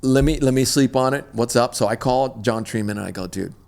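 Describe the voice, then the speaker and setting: A middle-aged man, an extreme athlete guest, telling a story in an animated, slangy, laid-back way. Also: medium pitch, a little fast, vocal fry. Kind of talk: casual storytelling interview.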